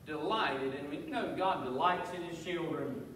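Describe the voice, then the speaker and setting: Male pastor, high-pitched, preaching with call-and-response in a booming, reverberant sanctuary. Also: normal speed, a bit bright, a little hiss or hum. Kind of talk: sermon. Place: church sanctuary. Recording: echoey church hall, voice from far off.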